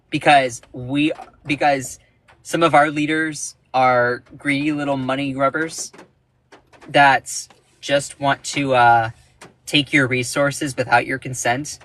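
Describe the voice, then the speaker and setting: A man giving casual, indignant political commentary on a livestream, emphatic, with sudden jumps in pitch. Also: pushed and bright. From United States.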